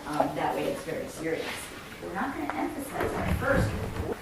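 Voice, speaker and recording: In a rehearsal room, a female choir director explains rhythm and breathing to her singers and sings example phrases to demonstrate. Her voice is low, very animated, brisk, and creaky. The recording is very noisy, captured from a distance in an echoey room with faint ambience.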